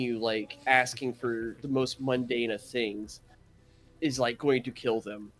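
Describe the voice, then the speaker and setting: A man's voice: mid-range voice, flat delivery, unhurried, fairly bright tone. A man with a mid-range voice co-hosting a casual podcast. He rants with plenty of swearing and drops into mocking impressions of the people he complains about. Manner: ranting, profane, mocking impressions of workers. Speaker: podcast co-host.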